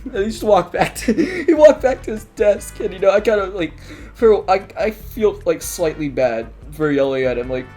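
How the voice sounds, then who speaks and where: A man's voice: sits high, expressive, normal speed, dark tone, faint music behind. A man telling school stories in a casual, rambling monologue, full of filler words, restarts and offhand swearing.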